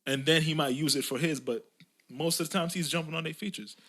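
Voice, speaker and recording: A young man co-hosting a podcast, talking in a joking, slangy, animated way. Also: a little high, fast. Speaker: podcast co-host. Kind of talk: casual chat.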